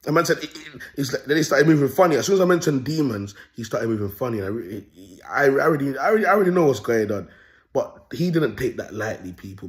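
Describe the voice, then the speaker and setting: A young man telling a story in a casual monologue, full of street slang and constant check-ins with his listeners. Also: on the low side. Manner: streetwise slang, animated, often asks "you get me". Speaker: self-styled prophet vlogger.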